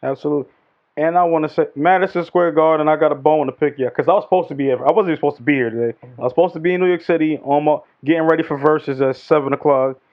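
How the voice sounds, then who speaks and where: A podcast host with a fairly high, racing voice banters loosely in slang, casually chatting about hip-hop and the news. The recording sounds dull and lo-fi.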